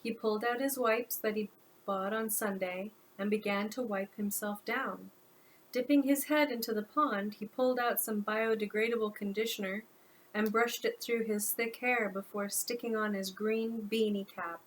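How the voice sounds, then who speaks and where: A woman's voice: mid-range voice, steady tone, moderate pace, a little hiss or hum, low-quality recording. A woman author narrating her own audiobook in an informal storytelling manner.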